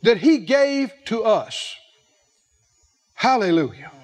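A man's voice: high-pitched, big pitch swings. A man preaching a sermon, drawing out his phrases and firing questions at the congregation. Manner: emphatic, drawn-out phrasing with questions to the audience; plays out little acted dialogues.

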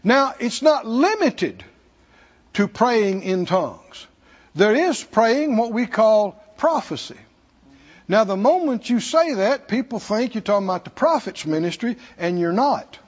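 A man's voice: sits high, lively intonation, unhurried, muffled recording. A man with a Southern American accent preaching a sermon in a church, folksy and humorous, chuckling between points. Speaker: pastor. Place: church sanctuary.

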